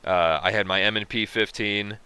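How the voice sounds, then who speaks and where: A man's voice: lowish voice, fairly even intonation, normal speed, sharp tone, clean tone, no echo. A man hosting a casual livestream, reading chat comments aloud and answering them with profane jokes. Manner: profane, joking, reacting to chat. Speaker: livestream host.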